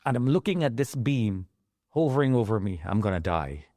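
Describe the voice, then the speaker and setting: Middle-aged male survivor, average pitch, dry close mic, intense emotional testimony. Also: big pitch swings, moderate pace, warm tone, no echo. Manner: emotional, dramatic retelling with raised pleading outbursts. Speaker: survivor telling his story. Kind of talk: personal testimony.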